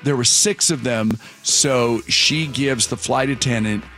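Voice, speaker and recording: A man's voice: medium pitch, a little slow, music in the background. A man hosting a morning radio show, chatting casually and rambling with fillers and restarts. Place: radio studio.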